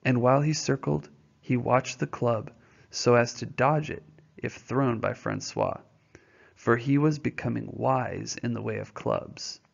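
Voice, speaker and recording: A man's voice: mid-range voice, very animated, a little slow, vocal fry. A male teacher reading a novel aloud and explaining it to students in a patient, informal way, often checking their understanding with questions. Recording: dull lo-fi recording.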